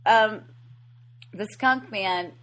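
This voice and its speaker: A woman's voice: mid-range voice, extremely slow, a bit bright. A woman co-hosting a podcast, chatting casually about a movie and laughing often. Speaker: podcast co-host.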